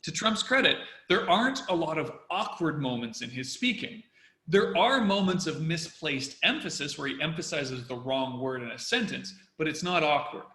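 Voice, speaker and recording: A man giving a measured, analytical critique of speeches, sometimes acting out how a line should be delivered. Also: fairly high pitch, lively intonation, bright, forceful tone, roomy sound, poor audio. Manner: measured, acts out phrasings to make a point. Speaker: public speaking commentator. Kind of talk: analytical discussion.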